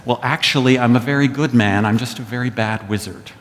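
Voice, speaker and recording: A man's voice: mid-range voice, fairly quick, a little hiss or hum, lightly acted. A man voicing a flustered wizard caught out, in a sermon retelling. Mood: sheepish. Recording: echoey church hall.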